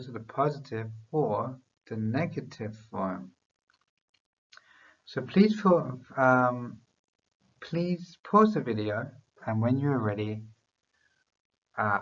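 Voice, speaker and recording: A male English teacher leads learners through beginner drills at an extremely slow, deliberate pace, pausing for them to repeat. His voice sits in a middle pitch. The recording sounds dull and lo-fi. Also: lively intonation.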